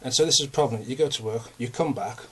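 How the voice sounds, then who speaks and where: With a slightly rough, mid-range voice and a quick pace, this young English vlogger rambles casually. He's chatty and self-mocking, ranting while a little out of breath.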